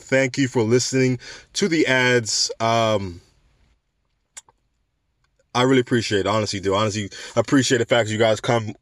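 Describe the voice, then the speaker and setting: Rambling podcast host from New York. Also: male voice, medium pitch, dry recording. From New York City. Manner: rambling, animated storytelling with frequent restarts and laughs. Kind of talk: casual podcast monologue.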